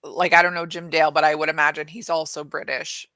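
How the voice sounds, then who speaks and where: A woman in her thirties with an American accent, co-hosting a morning talk show in rambling, animated casual chat. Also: low voice, fast talker, no room sound. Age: 30s.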